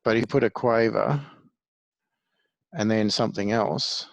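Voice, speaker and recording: Man, music teacher, patient step-by-step explaining, gravelly voice, dry close sound. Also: fairly low pitch, measured pace, no echo. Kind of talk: one-to-one music lesson.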